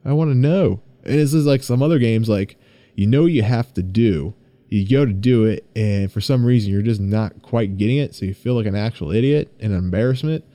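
A man's voice: on the low side, a little fast, warm tone, no room sound. Dry-voiced young man venting on a podcast. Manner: rambling, swears freely, gets worked up venting. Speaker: podcast host and streamer. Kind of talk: casual solo gaming podcast.

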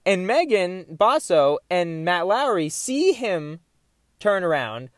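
A man's voice: high voice, no room sound. Rambling young man, dry close mic. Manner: animated, rambling, self-interrupting. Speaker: podcast host. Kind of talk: casual solo storytelling.

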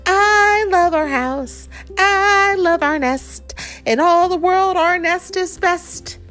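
A woman doing a high, slow-singing male bird. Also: a bit bright, faint music behind, exaggerated voice. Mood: joyful. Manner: sings his lines slowly and high. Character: happy proud male bird.

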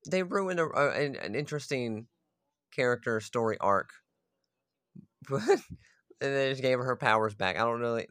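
A man's voice: mid-range voice, sharp tone, smooth, no room sound, clean studio sound. A man ranting casually about a video game story, profane and exasperated. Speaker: gaming video host. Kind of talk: casual rant.

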